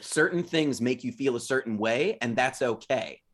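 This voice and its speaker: A man's voice: mid-range voice, animated, normal speed. A man in his thirties co-hosting a podcast, telling a story in casual chat, full of "like" and restarts. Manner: rambling storyteller, many fillers like "like". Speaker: podcast co-host.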